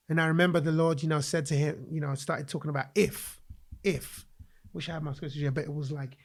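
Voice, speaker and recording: A man from England, speaking as a guest on a podcast. His voice sits a little high and has a gravelly edge. He tells his story with animation and slips into the voices of the people he quotes. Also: steady tone, quick pace. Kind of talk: personal storytelling in a podcast interview.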